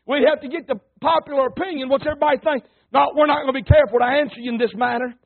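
Man preaching, very high voice, folksy and emphatic, narrow phone-like sound. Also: fairly even intonation, very fast, gravelly. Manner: folksy and emphatic, calls on the congregation. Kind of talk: sermon.

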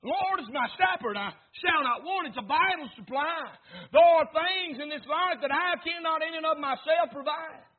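A man preaching a sermon with fervent, rhythmic repetition, swinging between hushed lines and shouts. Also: extremely high pitch, normal speed, narrow, tinny audio. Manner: rhythmic repetition, asks congregation to repeat.

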